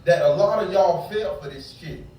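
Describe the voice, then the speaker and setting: A man's voice: high-pitched, normal speed, warm tone, distant mic. A man ranting angrily and profanely in a casual heated talk, preaching at his listeners about relationships. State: angry. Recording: very echoey room, off-mic, faint background hum.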